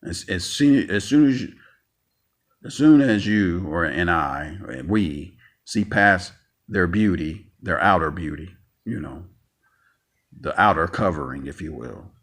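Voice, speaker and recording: A man's voice: low voice, lively intonation, measured pace, fairly bright tone. A man ranting angrily in a vlog monologue, profane and stammering, repeating himself and sounding emotionally tired.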